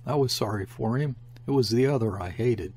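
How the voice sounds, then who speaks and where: A man reading a classic short story aloud as an audiobook narrator, in a measured storytelling manner. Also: mid-range voice, a little mellow, slightly rough. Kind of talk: scripted narration.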